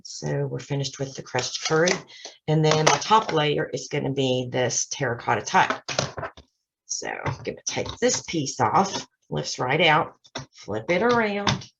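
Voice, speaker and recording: A craft channel host, this woman chats her way through a casual card-making tutorial at her desk, tossing in self-deprecating remarks. Her voice sits low with vocal fry. There's background noise, and the lo-fi sound is slightly dull.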